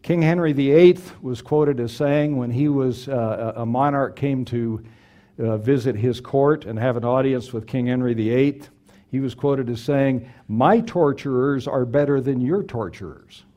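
A man's voice: mid-range voice, steady tone, a little slow, dark tone. A middle-aged man preaching a sermon, earnest and emphatic, repeating key phrases for weight.

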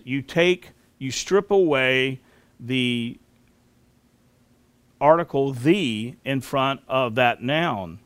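A man teaching a Bible lesson as a sermon, explaining grammar step by step in a slow, deliberate way and spelling out terms. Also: a little high, a bit bright, clean tone, no echo.

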